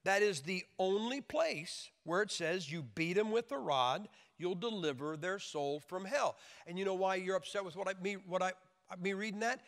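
A man preaching a sermon in an emphatic, joking way, now and then mimicking wailing babies with high shouts. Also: animated, moderate pace. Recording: long hall reverb.

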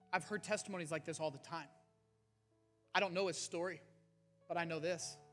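Bright-voiced preacher man. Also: fairly high pitch. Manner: earnest, conversational preaching with rising emphasis. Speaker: pastor. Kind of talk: sermon. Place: church sanctuary. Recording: faint music underneath.

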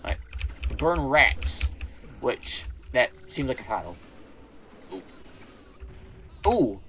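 A man's voice: medium pitch, slow pace, a little hiss or hum. A man hosts a let's play and comments on his own gameplay. His voice jumps around a lot as he exclaims, curses and rambles through self-corrections. Faint keyboard clicking sits behind him. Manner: excitable, exclaiming and swearing at the game. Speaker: gaming channel host.

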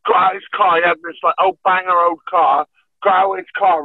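A man, a podcast guest and former fighter, telling a story in casual, profane, animated speech. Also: a little high, brisk, no echo. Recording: tinny phone-like dry sound.

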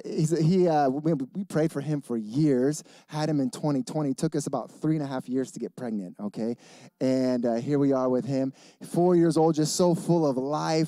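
A man's voice: on the high side, mellow, no room sound, studio quality. A man in his thirties preaching a casual sermon as a guest pastor, chatty and laughing, often adding "y'all" and "okay?". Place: church stage.

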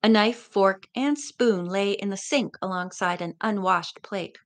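A woman's voice: medium pitch, measured pace. A woman reading a mystery novel aloud, with chatty asides between passages. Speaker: reader.

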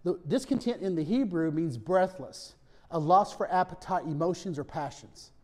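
A male pastor preaching a sermon conversationally, often checking in with "okay?" and dropping to hushed tones for serious points. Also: on the high side, animated, moderate pace. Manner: storytelling with rising emphasis, softening to hushed tones.

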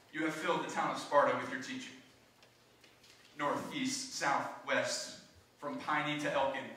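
A man's voice: a little high, sharp tone. A man, a pastor delivering a sermon, emphatic and repeating his key lines. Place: church sanctuary. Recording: echoey room, from a distance.

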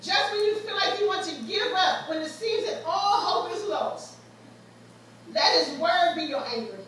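A woman preaches with mounting fervor, weaving stories from her own life into the sermon. Her voice sits very high and rings bright and forceful. It carries through a very echoey church and is picked up from well away from the mic. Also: animated, moderate pace, far from the mic, a little hiss or hum. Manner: preaching with rising fervor, storytelling. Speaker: guest preacher. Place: church sanctuary.

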